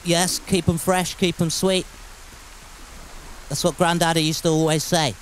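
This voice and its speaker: A man gives casual gameplay commentary in a fairly high voice. He banters, swears freely and reads his chat aloud. Faint rain hisses behind him. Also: steady tone, a little slow, poor audio. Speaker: streamer.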